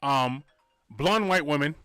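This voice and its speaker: A man co-hosting a comedy podcast, telling stories quickly with plenty of profanity. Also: fairly high pitch, clean tone, no room sound, studio quality. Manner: fast, profane, animated storytelling. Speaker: podcast co-host. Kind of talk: casual comedy chat.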